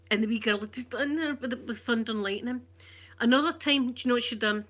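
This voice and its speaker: A Scottish woman telling a childhood story in chatty, animated ASMR style, often laughing. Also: a little high, fast.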